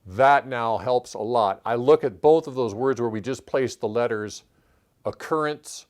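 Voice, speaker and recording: A man hosting a puzzle channel, thinking aloud as he calls out letters and clue numbers in a measured solve-along walkthrough. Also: medium pitch. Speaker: puzzle-solving channel host.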